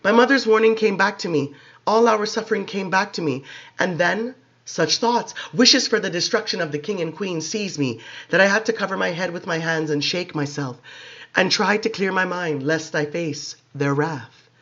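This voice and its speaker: A man giving expressive, measured dramatic audiobook narration, on a dull lo-fi recording. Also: high voice.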